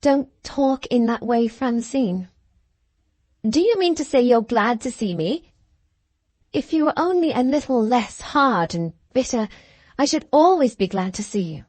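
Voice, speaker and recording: Woman reading as a gentle, earnest young woman. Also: fairly high pitch, animated, a little slow, no echo. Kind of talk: audiobook character reading.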